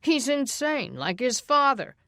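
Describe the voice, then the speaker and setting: A woman's voice: medium pitch, expressive, moderate pace, dry recording, lightly acted. Woman doing a furious dad making threats, dry sound. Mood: angry. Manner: angry, threatening. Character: angry, threatening father of an injured teen.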